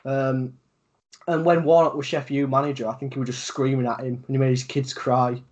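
Husky Yorkshire man rambling about football. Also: mid-range voice, flat delivery, a little fast, darkish tone. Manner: rambling, swears freely, many fillers. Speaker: podcast co-host. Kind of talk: casual football chat.

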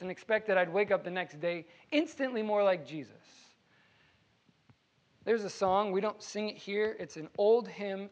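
A man's voice: high-pitched, expressive, moderate pace, highs cut off. Earnest male pastor preaching conversationally. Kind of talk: sermon. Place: church.

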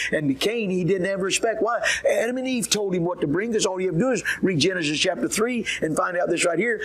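A husky-voiced man preaches a sermon, somewhat high for a man. He talks in a folksy, emphatic way and keeps firing questions at his listeners. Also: fairly bright tone, poor audio.

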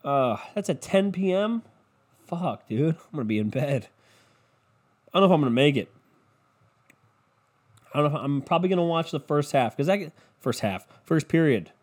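A man's voice: on the high side, normal speed, pauses often. A man hosting a casual solo podcast, ranting with lots of swearing and mocking impressions of other people. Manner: profane, animated, mocking impressions. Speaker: podcast host.

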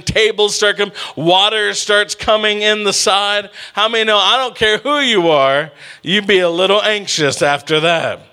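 A man preaching a sermon full of humorous personal stories. His voice sits high and sounds bright and forward. He keeps calling out to the congregation as he goes. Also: clear, resonant tone. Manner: animated, humorous, calls out to the congregation. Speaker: pastor. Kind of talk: storytelling sermon.

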